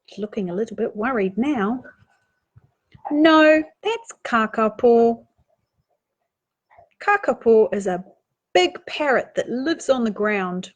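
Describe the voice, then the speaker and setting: A woman with a New Zealand accent reading a children's picture book aloud, gently asking young listeners questions as she goes. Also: mid-range voice, expressive, normal speed, slightly rough. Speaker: storytime reader.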